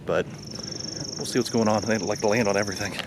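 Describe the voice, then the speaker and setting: A man with a very low voice talks into a handheld camera as he walks a forest trail. His commentary rambles along loosely with fillers and restarts, while steady outdoor noise hums behind him. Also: fast talker. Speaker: vlogger. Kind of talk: casual walking vlog commentary.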